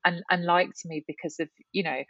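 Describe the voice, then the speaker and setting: A woman's voice: lowish voice, fairly even intonation, normal speed, a bit bright, no room sound, lo-fi sound. A woman guest talking candidly in an interview, reflective and full of restarts and "you know"s. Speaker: guest, writer and columnist.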